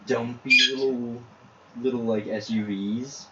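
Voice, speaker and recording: A man narrating a tabletop game as game master, describing scenes in halting, restarting phrases. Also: medium pitch, fairly even intonation, muffled recording, very noisy.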